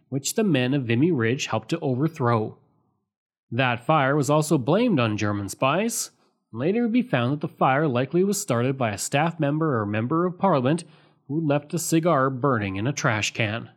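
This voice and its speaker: A man hosting a history podcast, reading a scripted narration in a measured way and reading out sources marked with quote and end quote. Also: medium pitch.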